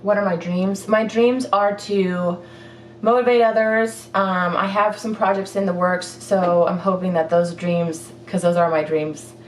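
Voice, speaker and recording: A woman's voice: medium pitch, steady tone, measured pace, slight background noise. A young woman answering viewer questions in a casual, rambling chat full of fillers and little laughs. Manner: chatty, rambling, giggly, lots of fillers. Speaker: fitness vlogger. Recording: echoey room, mic at a distance.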